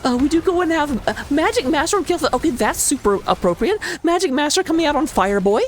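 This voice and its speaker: A woman casting a live esports match, talking rapidly and excitably with a playful, jokey manner. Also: high voice, a little hiss or hum. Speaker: esports caster. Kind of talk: live game commentary on a stream.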